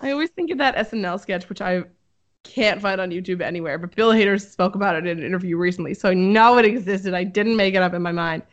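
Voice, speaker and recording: A woman's voice: medium pitch, fast talker, highs cut off. A young woman co-hosting a podcast, explaining research in casual chat with lots of fillers and laughter. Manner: chatty, filler-heavy, laughs often. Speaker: podcast co-host presenting research.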